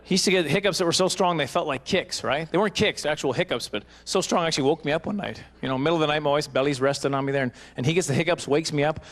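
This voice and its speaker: A man in his forties doing live stand-up, his voice sitting a little higher than most men's. He rambles and chuckles his way through self-deprecating tangents. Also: fast talker, hardly any pauses. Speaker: stand-up comedian. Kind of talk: stand-up comedy. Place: live banquet stage.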